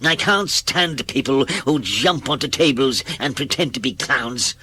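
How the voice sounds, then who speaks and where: A man's voice: mid-range voice, expressive, measured pace, bright, forceful tone, slightly rough, voice pushed up, heavily acted. A man reading a storybook aloud and voicing a grumpy little man who moans and complains. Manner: grumbling, whiny.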